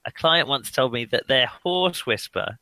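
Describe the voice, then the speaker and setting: A man's voice: mid-range voice, animated, measured pace, pushed and bright, dry recording. A man joking and rambling through an anecdote while playing a tabletop game with friends. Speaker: player.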